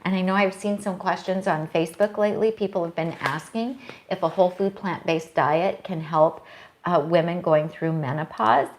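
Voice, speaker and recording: A woman's voice: on the low side, steady tone, moderate pace. A middle-aged woman co-hosting a casual live chat, chatty and reading aloud from a book with small stumbles. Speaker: co-host.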